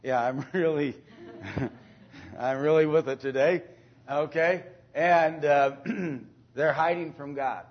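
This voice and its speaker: A man teaching an informal Bible lesson to a class, speaking haltingly with many fillers, restarts and throat-clearing, and often asking the class questions. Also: fairly high pitch, steady tone. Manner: asks the class questions and calls on students. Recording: dull lo-fi recording.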